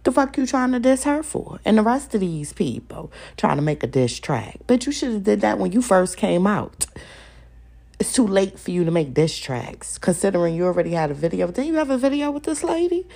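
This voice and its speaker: A woman's voice: mid-range voice, sing-song, fairly quick, creaky, mellow. A young adult woman hosting a solo podcast, ranting in a profane, confrontational way and repeating lines for emphasis. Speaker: podcast host.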